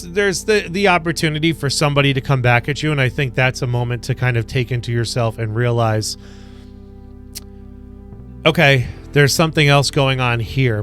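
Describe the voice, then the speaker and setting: A mid-pitched man speaks to camera like a wellness coach, earnest and a little rambling. He talks slowly and deliberately, leaning on ums and you-knows. Soft music sits faintly behind him. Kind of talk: self-help talk to camera.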